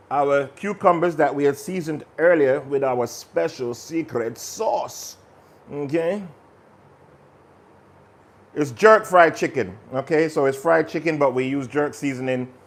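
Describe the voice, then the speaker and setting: A man hosting a live cooking stream, chatting energetically and talking straight to his viewers. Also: mid-range voice. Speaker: cooking channel host.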